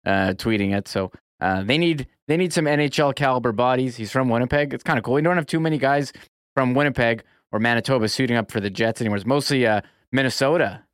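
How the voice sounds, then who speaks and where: A man's voice: medium pitch, fast, clear, resonant tone, no echo. Man, sports co-host, chatty, resonant voice, dry. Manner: chatty, with frequent fillers and self-corrections. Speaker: sports talk show co-host. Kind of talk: casual radio sports talk.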